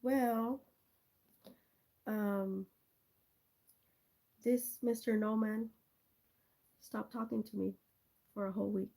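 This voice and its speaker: A woman talks slowly through a rambling, chatty story on a live stream, speaking straight to viewers by name. Her voice is dark and mellow with a gravelly edge, picked up on a cell phone. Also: mid-range voice, fairly even intonation. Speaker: livestream host.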